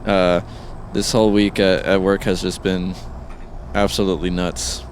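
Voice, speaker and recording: A man's voice: low-pitched, flat delivery, moderate pace, a little hiss or hum. A man hosting a let's play, chatting casually and thinking aloud with an easygoing, chuckling manner. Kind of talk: casual gameplay commentary.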